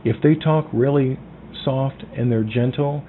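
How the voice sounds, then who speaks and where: A man teaches agents how to talk on the phone, acting out calls as he goes. His voice comes through a narrow, phone-like channel. There is a faint hiss behind him. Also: measured pace. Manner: animated, acts out phone calls, drops to a low voice. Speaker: sales trainer. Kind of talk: sales coaching talk. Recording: tinny phone-like sound.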